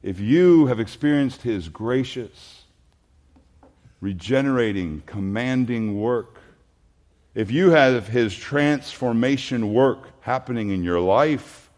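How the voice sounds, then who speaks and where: A man's voice: mid-range voice, lively intonation, slow pace, a little mellow. A man preaching an expository sermon in an earnest, emphatic way, posing rhetorical questions. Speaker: pastor.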